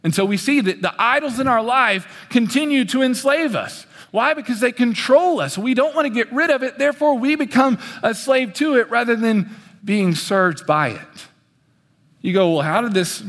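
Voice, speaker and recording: A young male preacher with a high voice delivers an animated sermon from a stage. His pitch swings as he acts out quoted voices. A long reverb trails each phrase. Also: moderate pace. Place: on a stage in a large hall.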